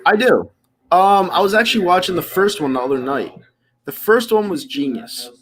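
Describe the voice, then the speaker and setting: A man's voice: sits high, expressive, moderate pace. A man hosting a live stream, chatting casually and rambling with easy laughs. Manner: laid-back, rambling, laughs easily. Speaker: stream host.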